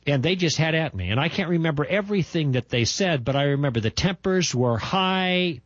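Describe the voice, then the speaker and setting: Husky older man telling a personal story. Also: a little high, a little fast, dry recording, highs cut off. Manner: animated, emphatic storytelling with repetitions. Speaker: testimony speaker.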